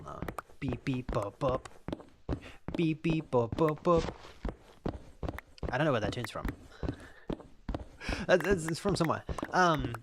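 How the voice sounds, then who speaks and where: A man's voice: medium pitch, noisy background. An Australian man casually rambling and thinking aloud while streaming a video game. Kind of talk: casual gameplay commentary.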